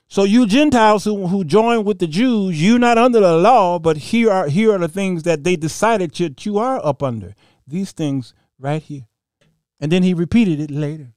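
A man hosting a Bible commentary show, preaching in an animated, mocking way, laughing often and reading scripture aloud. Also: high-pitched, no echo, clean studio sound.

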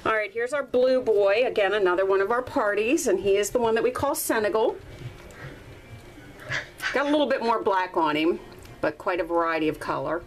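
A woman breeder talking casually while filming her puppies one-handed indoors, now and then cooing at them in a high baby-talk voice. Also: moderate pace, low-quality recording. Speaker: dog breeder. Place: indoors at a puppy litter area. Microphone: handheld camera, filming one-handed.

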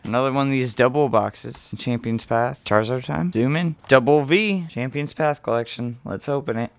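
A man hosting his own video, calmly listing card names as he opens packs and getting excited at the good pulls, with the odd swear word. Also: mid-range voice, moderate pace, gravelly. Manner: relaxed, mildly profane. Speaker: host. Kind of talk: casual card-opening commentary.

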